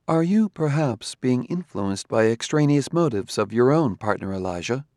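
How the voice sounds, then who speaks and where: An actor playing a calm, precise male humanoid robot detective who speaks in a measured, formal way. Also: medium pitch, no room sound, studio quality, lightly acted. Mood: probing. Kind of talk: audiobook character reading.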